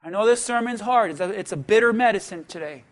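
Speaking fast, this high-voiced pastor preaches from the pulpit and gets the congregation calling back to him. His delivery moves between quiet asides and shouted climaxes.

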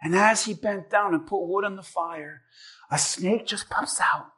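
A male pastor preaching a sermon, dramatic and rising to shouts as he acts out what people would say. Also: high-pitched, a little slow, husky. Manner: dramatic, shouting at peaks, acting out quotes.

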